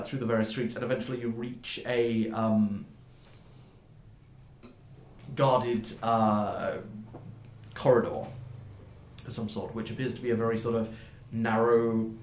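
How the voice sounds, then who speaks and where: A man narrating a tabletop game as game master, in a halting way, with many fillers and restarts. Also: lowish voice. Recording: roomy echo.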